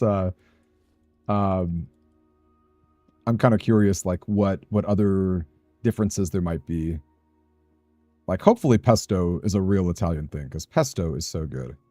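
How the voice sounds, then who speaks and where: A man's voice: deep voice, unhurried, long pauses, mellow, dry recording, faint music behind. A man streaming a game, chatting with viewers in a rambling, self-deprecating way and laughing often. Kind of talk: casual live-stream chat while gaming.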